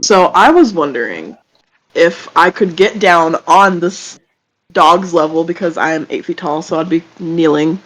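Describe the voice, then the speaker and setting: A man's voice: fairly high pitch, measured pace, fairly bright tone, low-quality recording. A man playing in a tabletop game, asking hesitant questions about his turn. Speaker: player. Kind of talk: casual chat in a tabletop game.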